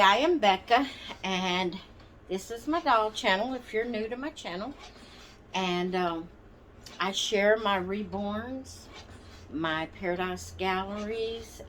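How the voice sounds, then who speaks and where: A woman with a mid-range voice talks casually to viewers of her doll channel from a rocking chair at home. She's slow, hesitant, and apologetic, rambling while searching for words, and a little hiss or hum runs under the audio.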